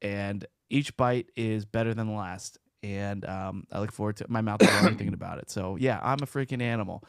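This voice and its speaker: Animated man chatting on a podcast. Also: lowish voice, fairly quick, gravelly, clear, resonant tone, no echo, studio quality. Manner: animated, playful storytelling. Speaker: podcast co-host. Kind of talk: casual chat.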